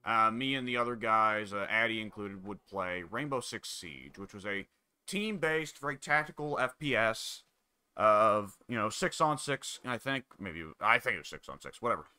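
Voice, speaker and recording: Bright-voiced guy rambling about old games, lots of uhs, dry sound. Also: on the low side, normal speed, clean tone, no echo. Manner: relaxed, rambling, with frequent fillers. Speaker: co-host chatting while gaming. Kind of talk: casual chat.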